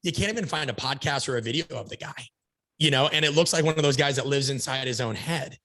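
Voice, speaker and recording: A man speaking as a podcast guest, telling stories in an animated, emphatic way and acting out bits of dialogue. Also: mid-range voice, fast. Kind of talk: energetic conversational storytelling.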